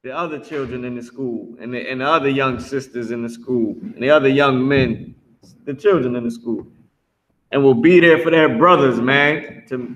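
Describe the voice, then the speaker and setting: A man teaching a live online language class, drawing out drilled words slowly and talking bluntly. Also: medium pitch, a bit bright, low-quality recording. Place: Philadelphia.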